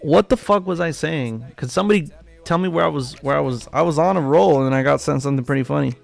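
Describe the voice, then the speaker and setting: A man's voice: on the high side, quick pace, gravelly, faint music behind. A man hosting a live trading stream, ranting emphatically and profanely, repeating himself for effect. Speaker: livestream trading host. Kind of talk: casual livestream rant.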